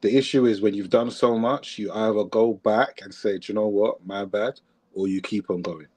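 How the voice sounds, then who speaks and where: Low husky man giving podcast commentary. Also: steady tone, normal speed, a little mellow. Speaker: podcast co-host.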